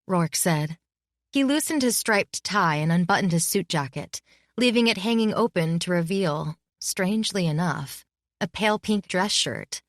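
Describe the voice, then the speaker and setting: Lady reading audiobook, measured and close, lowish voice, super dry studio sound. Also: lively intonation, no echo. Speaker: audiobook narrator. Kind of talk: scripted narration.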